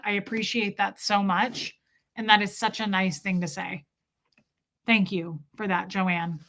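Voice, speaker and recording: A woman with a medium-pitched voice and a sharp tone hosts a livestream. She opens up to her chat with a heartfelt personal story, restarting often.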